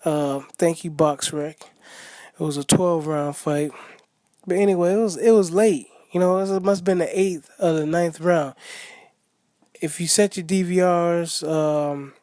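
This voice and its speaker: A man's voice: a little high, steady tone, unhurried, darkish tone, no echo, clean studio sound. A man giving a casual, rambling monologue, full of fillers and restarts. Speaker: boxing commentator vlogger.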